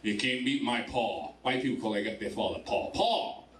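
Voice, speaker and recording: A man's voice: on the low side, normal speed. A man doing stand-up crowd work in a bar comedy club, profane and laughing through his lines. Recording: echoey club from far off with crowd.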